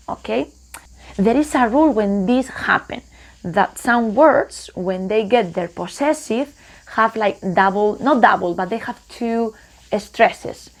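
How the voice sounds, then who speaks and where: A woman hosting a casual self-study language lesson, speaking slowly and carefully and sometimes talking to herself. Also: on the high side, expressive. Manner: slow, careful, talks to herself. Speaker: language learner and video host.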